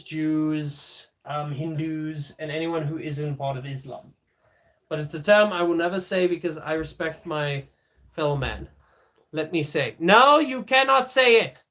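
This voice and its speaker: A man's voice: on the high side, a bit bright. A man streaming live, chatting casually with viewers, laughing often and talking to his dog.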